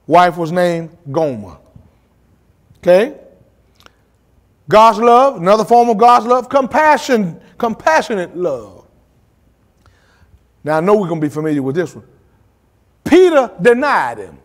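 A pastor leads a church Bible study, his voice sitting high for a man and swooping all over. He preaches with dramatic pauses and acts out the quotes, dropping casual asides in a church setting. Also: very animated.

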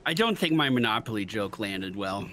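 A man bantering dryly with his co-op partner as they play. His voice is bright and edged, with a lively, swinging pitch. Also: normal speed, slight background noise. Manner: dry, wisecracking banter. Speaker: co-op let's play gamer. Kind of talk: casual game commentary.

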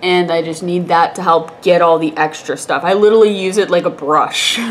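A woman's voice: fairly low pitch, moderate pace, a little hiss or hum. A young woman vlogger with a congested, stuffy voice, telling a rambling story to the camera in a chatty way, laughing often.

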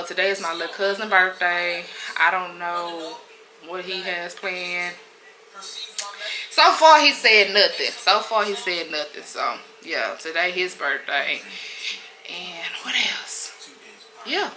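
A woman's voice: fairly low pitch, bright, forceful tone, slight background noise, poor audio. A woman chatting candidly to camera as a lifestyle vlogger, often calling her viewers y'all. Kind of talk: casual chat to camera.

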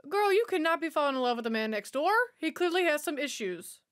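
Casting: high-voiced woman, sassy movie-reaction host with an animated delivery. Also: quick pace, over loud music. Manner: chatty, sassy running commentary. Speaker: movie watch-along host. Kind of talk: reacting to a film while watching.

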